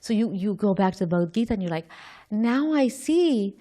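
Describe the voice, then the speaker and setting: A woman's voice: mid-range voice, racing, warm tone. A woman giving an informal scripture class, thinking aloud, quizzing her listeners and often restarting her sentences.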